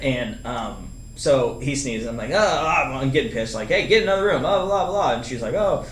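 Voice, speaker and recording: Male podcast guest, animated storyteller, echoey room, slightly distant mic. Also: mid-range voice, moderate pace, slight background noise. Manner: animated storyteller, laughs often, acts out quotes. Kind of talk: casual storytelling.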